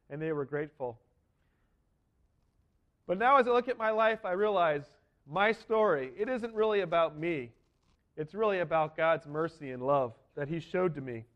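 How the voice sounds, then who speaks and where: A man's voice: high-pitched, highs cut off. A man giving an earnest, emphatic sermon as a first-person dramatic monologue. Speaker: preacher.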